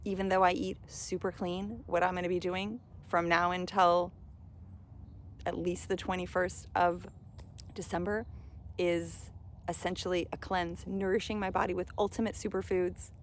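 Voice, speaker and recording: A woman's voice: lowish voice, little pitch movement, normal speed, a little hiss or hum. A woman coaching listeners in a casual motivational talk, earnest and often saying "like", rising to emphatic urging. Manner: earnest, says "like" often, gets emphatic and loud. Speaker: spiritual self-love coach.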